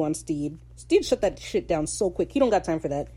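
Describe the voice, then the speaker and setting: A woman hosting a podcast, recapping a show in casual, sarcastic, animated rants full of slang. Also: lowish voice, fairly quick, breathy edge. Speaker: podcast host.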